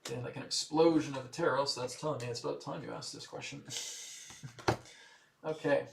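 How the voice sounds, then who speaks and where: A man hosting a live tarot reading stream, talking in an animated way and often mocking others in put-on voices. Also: mid-range voice, brisk, gravelly, noisy background. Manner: animated, mocking impressions, frequent laughs. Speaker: tarot reader host. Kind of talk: live-stream spiritual commentary.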